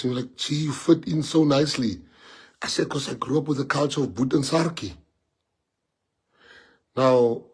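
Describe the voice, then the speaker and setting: A man's voice: medium pitch, husky. A man from South Africa, a native Afrikaans speaker, talking in an impassioned live stream monologue with many rhetorical questions. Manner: impassioned, rhetorical questions, swings from quiet to loud. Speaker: livestream speaker.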